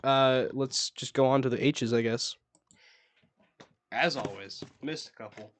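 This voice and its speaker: A man's voice: medium pitch, unhurried, no echo. A young man chatting casually about his movie collection, rambling and correcting himself, often laughing. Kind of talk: casual chat.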